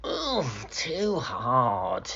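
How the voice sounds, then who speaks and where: A man's voice: mid-range voice, huge pitch swings, drawn-out words, creaky, bright, forceful tone, slightly rough, muffled recording, exaggerated voice. A man voicing a naughty, curious little girl with a cooing, exclaiming manner in a storybook reading. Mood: fussy.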